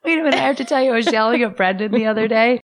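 Animated middle-aged woman co-host. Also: a little high, very fast. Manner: animated, exclaiming reactions. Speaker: podcast co-host. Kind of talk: casual chat.

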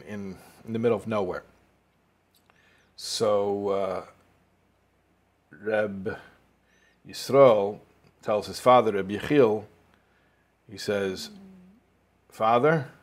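A man's voice: on the low side, fairly even intonation, slow, long pauses, a little mellow. A man teaching a Torah class as a rabbi, telling a story and explaining it, with Hebrew and Yiddish words mixed in and rising emphasis.

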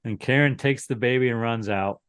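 Brief: male podcast co-host, wry dry recap delivery, mid-pitched, close dry mic. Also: fairly quick, smooth, no room sound. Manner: dry, wry plot retelling with chuckles. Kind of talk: casual movie recap chat.

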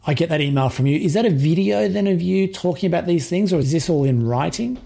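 A man's voice: on the high side, animated, fast, gravelly, warm tone. A man hosting a podcast interview, upbeat and effusive as he thanks his guest. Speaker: podcast host.

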